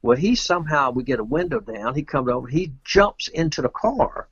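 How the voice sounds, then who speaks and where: A man's voice: on the high side, sing-song, normal speed, slightly rough, no room sound, lo-fi sound. A man, a guest telling a rambling, folksy story with loose grammar in casual chat. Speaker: interview guest, pool player.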